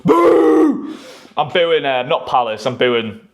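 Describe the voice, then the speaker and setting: A man giving animated, opinionated football predictions in a casual vlog, swearing freely. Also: a little high, a little fast. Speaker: YouTuber, football fan.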